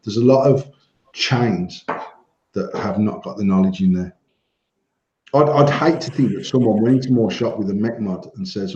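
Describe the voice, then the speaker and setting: A man, co-hosting a casual podcast, telling anecdotes with lots of swearing and getting animated as a story builds. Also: lowish voice, normal speed, echoey room, highs cut off. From United Kingdom. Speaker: podcast co-host, vape shop owner.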